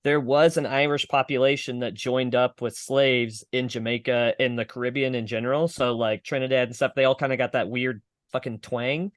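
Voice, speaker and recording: A man's voice: medium pitch, steady tone, normal speed, hardly any pauses, dry recording, studio quality. A young man, a stand-up comedian, chatting casually as a podcast guest, swearing freely and rambling through his explanations.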